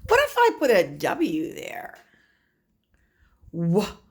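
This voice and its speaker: A kindergarten teacher, a woman, giving a recorded phonics lesson and sounding out letters and words slowly for small children. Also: medium pitch, wildly swooping pitch, slightly rough.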